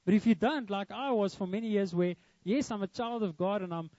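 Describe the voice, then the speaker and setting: A man's voice: high voice, brisk, dark tone, no room sound, lo-fi sound. A young man preaching a sermon, earnest and emphatic, with a lot of repetition. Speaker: pastor.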